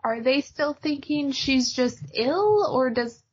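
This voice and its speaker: Woman podcast co-host, husky and unhurried, chatty and opinionated, muffled lo-fi sound. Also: sits high, animated. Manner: chatty, opinionated, laughs often. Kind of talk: casual chat reviewing TV shows. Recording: dull lo-fi audio.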